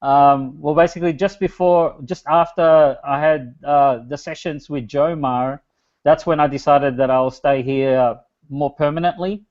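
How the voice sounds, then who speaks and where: A man's voice: on the high side, fairly even intonation, unhurried, darkish tone. A man, giving a loose, chatty webinar talk as a guest speaker and speaking to an online chat. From Australia. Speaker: guest speaker, business strategist. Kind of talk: webinar presentation. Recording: dull lo-fi webinar audio.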